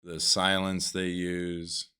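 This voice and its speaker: A man's voice: sits low, completely flat delivery, slow pace, bright, forceful tone, clear, resonant tone. A man with a Southern American accent on a podcast, chatting casually in a loose, profane, rambling way full of fillers. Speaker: podcast co-host. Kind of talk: casual chat.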